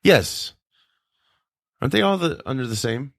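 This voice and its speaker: A man's voice: medium pitch, animated, measured pace, vocal fry, a bit bright, no room sound, clean studio sound. An American man co-hosting a movie commentary podcast, joking around, laughing and slipping into silly voices. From United States. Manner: jokey, laughing, drops into silly put-on voices. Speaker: podcast co-host.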